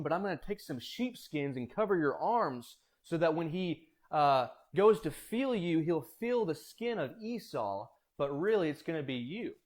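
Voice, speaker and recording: A man's voice: fairly high pitch, a little mellow, close to an everyday voice. A man voicing a crafty, scheming mother giving conspiratorial instructions.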